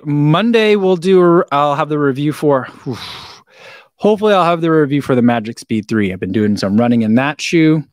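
Man, shoe-review stream host; easygoing rambling chat, mid-pitched, dry close sound. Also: clear, resonant tone, dry recording. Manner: laid-back, rambling, chuckles often. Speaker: running shoe reviewer hosting a live stream. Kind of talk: casual live-stream chat answering viewer questions. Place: indoor studio room with a wall of shoes.

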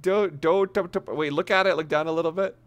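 A woman's voice: fairly low pitch, steady tone, fairly quick. A woman streamer in casual livestream chat, laughing a lot as she feeds a friend prank lines to repeat.

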